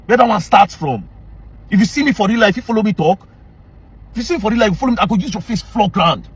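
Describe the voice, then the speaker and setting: Fast, heated Nigerian man ranting. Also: sits high, expressive, breathy edge. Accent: Nigerian Pidgin-inflected English. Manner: confrontational, heated, mixes English with Pidgin. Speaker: social media commentator. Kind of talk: angry direct-to-camera rant.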